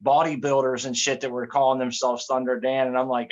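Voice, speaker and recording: A man hosts a relaxed live stream, rambling easily through stories and chuckling as he goes. His voice sits at an ordinary middle pitch. The audio is dull and lo-fi. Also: moderate pace. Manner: laid-back, rambling, laughs at his own stories. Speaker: host. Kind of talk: casual livestream chat.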